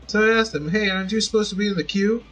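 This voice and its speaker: A man reading out a fussy, luckless middle-aged father from a video game, who rambles and reaches for quaint exclamations. The voice sits high for a man. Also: fast talker, a bit bright, faint music behind, low-quality recording. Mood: rueful. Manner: old-fashioned exclamations, rambling. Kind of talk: reading game dialogue aloud.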